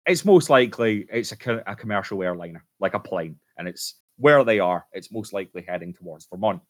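A man doing a deadpan 1960s husband. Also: on the low side, a little fast, lightly acted. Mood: calm. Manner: deadpan, dry. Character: unbothered 1960s husband, dry and sarcastic.

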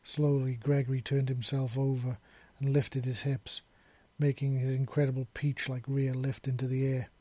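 A man narrating a romance story in a quiet, intimate reading. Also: medium pitch, monotone, normal speed, hardly any pauses, no echo.

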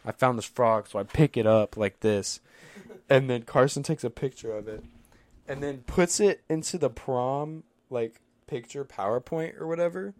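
A man's voice: medium pitch, normal speed, darkish tone. A young man telling laid-back, slangy stories as a podcast guest. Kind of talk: casual podcast chat.

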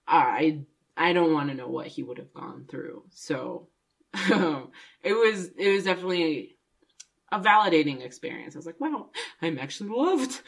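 A young woman with a low-pitched voice tells a story in a casual podcast chat. She rambles animatedly and breaks into laughter often. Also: husky. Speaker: podcast co-host.

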